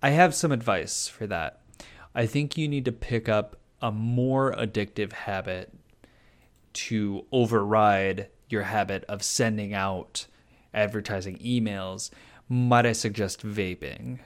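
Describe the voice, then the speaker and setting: Low-ish male co-host, casual, deadpan, reads letters with mock gravity. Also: slow pace. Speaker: podcast co-host. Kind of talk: casual comedy advice chat.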